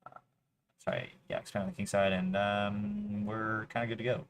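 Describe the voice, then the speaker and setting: Speaking at a normal speed in a lowish, creaky voice, a man narrates his workday on a livestream over slight background noise. He mumbles unfinished thoughts and appeals out loud to the person he's playing chess against online.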